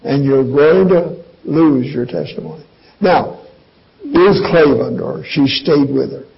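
An older man preaching a sermon as pastor, his gravelly voice jumping into high, emphatic outbursts. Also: a little slow, muffled recording.

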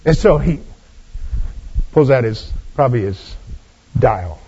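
A man's voice: high-pitched, big pitch swings, normal speed, a little mellow, slightly rough, big-room sound. A man preaching a sermon and teaching from the Bible, telling the story with animation and acting out the characters' lines. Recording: dull lo-fi recording.

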